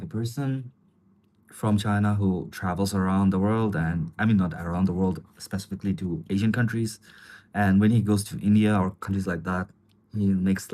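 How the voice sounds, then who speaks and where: A man hosting a casual livestream, answering viewer comments in rambling, relaxed with many fillers and frequent chuckles. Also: sits low. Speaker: livestream host.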